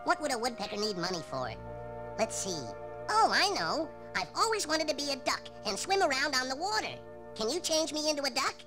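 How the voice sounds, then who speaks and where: A man voicing a cheeky, excitable little male cartoon woodpecker with a high, squeaky voice, on a vintage children's storybook record. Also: fairly quick. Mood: pleading. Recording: vintage record with loud music bed.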